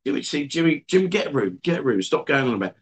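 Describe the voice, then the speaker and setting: A chatty man hosts a casual livestream from an indoor venue, greeting viewers by name and reading their comments aloud. His voice sits a little higher than most men's, and his delivery stays upbeat and informal. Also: big pitch swings, quick pace. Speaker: livestream host.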